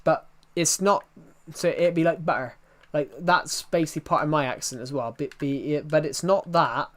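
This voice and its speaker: A man with a voice on the high side chats casually at a moderate pace while streaming a game. He rambles, restarts sentences, and answers viewers' questions from chat as he plays.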